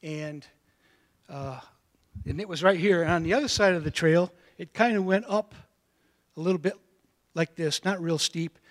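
A man preaching a sermon in a folksy storytelling way, moving from quiet asides to loud calls to the congregation. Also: a little high, moderate pace, pauses often. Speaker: pastor.

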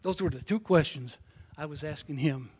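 A man preaching a sermon in a folksy storytelling way, moving from quiet asides to loud calls to the congregation. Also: on the high side, normal speed, slightly rough. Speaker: pastor.

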